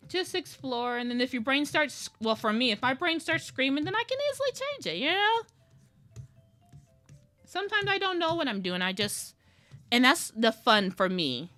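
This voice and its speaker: Bright bouncy woman on a drawing stream, rambling and talking to herself, faint music underneath. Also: sits high. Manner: rambling, self-talking, playful. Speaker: digital artist streaming her drawing process. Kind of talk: casual live-stream chat while drawing.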